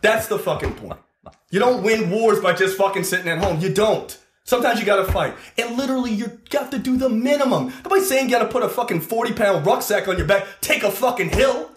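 A man hosting a podcast, ranting angrily and swearing heavily, shouting at times. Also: high voice, a little fast, echoey room. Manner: angry, profane, shouting at times. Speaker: podcast host. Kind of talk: heated podcast rant.

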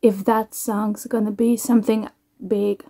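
A woman speaking slowly and softly in a casual vlog, her sentences halting and restarting as she gathers her thoughts. Her voice sits at an ordinary middle pitch, unhurried and reflective. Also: level tone. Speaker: singer. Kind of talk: casual reaction vlog talk.

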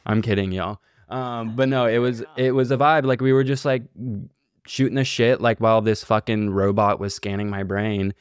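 A man's voice: on the low side, steady tone, moderate pace, clean tone, dry recording, studio quality. A man casually telling a long, rambling story on a podcast, swearing and using lots of filler words. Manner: rambling, profane, filler-heavy delivery. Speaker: podcast co-host.

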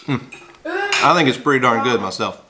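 A man's voice: medium pitch, huge pitch swings, moderate pace, a crowd in the background. A middle-aged man with an easygoing Oklahoman drawl talks casually at his family's dinner table. His voice sits in an ordinary middle register. A camera-top shotgun mic catches him in a plain indoor room. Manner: easygoing, folksy, chuckles at his own jokes. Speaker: homesteading vlog host. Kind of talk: casual family vlog chat. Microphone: camera-mounted shotgun mic.

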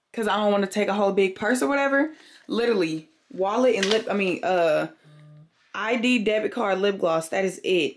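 A woman vlogging casually to the camera from her bedroom, chatting with viewers and calling them y'all. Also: medium pitch. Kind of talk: casual vlog chat to camera.

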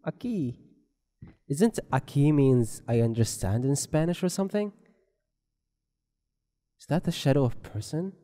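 A man's voice: medium pitch, animated, unhurried, pauses often, mellow. A man giving rambling, joking commentary while playing a horror game, swearing often. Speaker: gameplay commentator.

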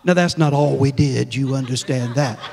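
A man's voice: medium pitch, normal speed, vocal fry, darkish tone, a little hiss or hum. A middle-aged man preaching as a guest minister, exuberant and laughing often, calling out to the congregation in a church. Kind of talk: sermon. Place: church sanctuary. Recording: long church reverb.

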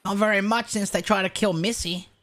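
A woman playing a brash young male outlaw, cursing through an animated roleplay story. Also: mid-range voice, brisk, voice pushed down, lightly acted. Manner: swears constantly, animated storytelling. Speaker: roleplay streamer.

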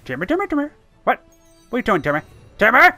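A gamer giving excitable, sweary commentary over their own gameplay. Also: medium pitch, quick pace, soft background music. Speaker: let's play gamer.

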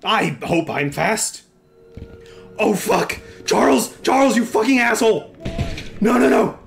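High, animated screaming game streamer man. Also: takes it slowly, creaky, soft background music. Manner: screams and swears in panic, then dry jokes; theatrical outbursts. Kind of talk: live gameplay commentary.

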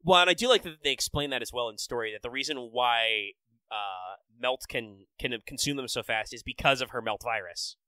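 Bright, crisp-voiced man breaking down game details. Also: medium pitch, fairly quick, dry recording, poor audio. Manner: enthusiastic, detailed game analysis with fillers. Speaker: podcast host. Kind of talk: casual podcast chat about a mobile game.

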